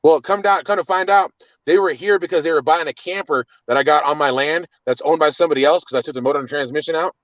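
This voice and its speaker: A man's voice: a little high, fast talker, no room sound, highs cut off. A man with children telling an agitated, cursing story of his arrest, often repeating words. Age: adult with children. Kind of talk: casual storytelling.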